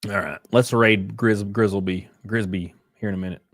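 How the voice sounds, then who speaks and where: A man's voice: on the low side, steady tone, normal speed, gravelly, dry recording, clean studio sound. A man with an American accent, chatting casually with his live-stream viewers in a rambling, laid-back way and cursing now and then. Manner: sings snatches of a theme song.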